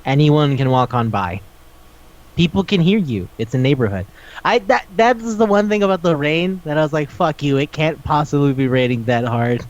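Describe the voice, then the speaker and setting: A man co-hosting a casual podcast talks through a manga in a profane, exasperated rant, acting out quotes as he goes. His voice is a little high and animated, at a moderate pace. The audio is dull and lo-fi.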